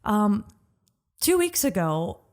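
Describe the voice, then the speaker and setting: A woman co-hosting a business podcast, telling a story in a lively way and acting out what people said. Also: mid-range voice, slow. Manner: animated storyteller, acts out quotes. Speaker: podcast co-host. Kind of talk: casual chat.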